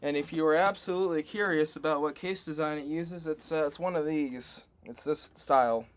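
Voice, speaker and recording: A man's voice: fairly high pitch, moderate pace. A man commenting casually on a livestream as he tests old computers at home, rambling, joking and laughing at himself. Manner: rambling, self-deprecating, laughs often. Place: home room.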